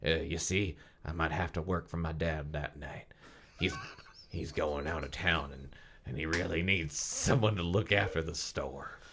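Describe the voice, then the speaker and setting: A man's voice: very deep voice, normal speed, fairly bright tone, a little hiss or hum, pitched below the performer's own voice. A man voicing a jealous teenage boyfriend with a rural Southern American accent, stammering and hesitant. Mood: evasive. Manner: hesitant, stammering, full of uhs. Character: sulky, jealous teenage boyfriend, mumbling excuses.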